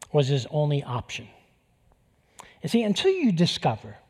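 A man with a New York accent preaching a sermon, animated and building to emphatic peaks. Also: fairly high pitch. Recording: long hall reverb.

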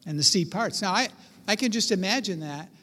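A man preaching a sermon, telling stories with animated delivery and acting out voices. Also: high-pitched, a little fast, husky, long reverb tail. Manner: animated storytelling, acts out voices. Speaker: pastor.

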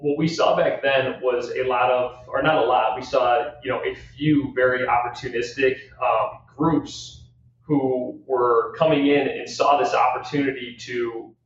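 A man offering his views as an interview guest in a measured, hedging way, often restarting his sentences. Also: medium pitch, slight background noise. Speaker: real estate guest. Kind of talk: casual podcast interview. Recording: distant mic in a very echoey room, dull.

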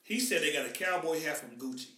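A man's voice: fairly high pitch, expressive, quick pace, sharp tone. A man from the US Midwest hosting a podcast in casual, emphatic, slangy talk. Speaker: podcast host. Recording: echoey room, mic far off.

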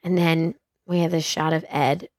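A woman co-hosting a podcast, recapping a TV episode in casual chat, animated and swearing freely. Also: deep voice, normal speed, no echo, studio quality. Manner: animated, swears often, acts out quotes in retelling. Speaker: podcast co-host.

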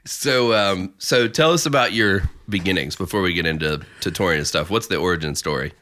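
A man hosting a podcast, easygoing and quick to laugh in casual interview chat. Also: low voice, sharp tone, slight background noise. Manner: easygoing, laughs often, short backchannels. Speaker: podcast host.

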